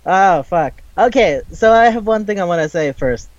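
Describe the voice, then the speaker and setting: A young man co-hosting a casual game chat, animated and swearing, often acting out game dialogue. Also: sits high, normal speed, no echo. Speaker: podcast co-host. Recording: dry, muffled lo-fi mic.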